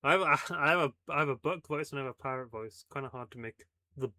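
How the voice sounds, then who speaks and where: A man's voice: medium pitch, fast, bright, forceful tone. A man narrating a fan story aloud, breaking off for casual, laughing asides. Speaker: fanfic reader. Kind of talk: audiobook narration.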